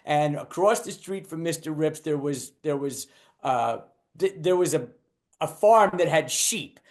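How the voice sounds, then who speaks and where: An older man, a stand-up comedian, telling a story about a club night in an animated way and acting out the people in it. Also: on the high side, measured pace.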